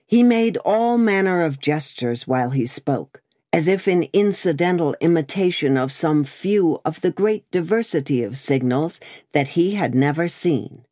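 Very low, dark-voiced woman narrator. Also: animated, a little slow, no room sound, clean studio sound. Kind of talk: audiobook narration.

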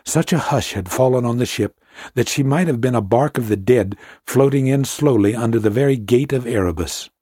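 A man reads a classic sea story aloud in a measured, hushed manner. His voice is husky and of middle pitch. The recording is dry and close. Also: no room sound. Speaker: audiobook narrator.

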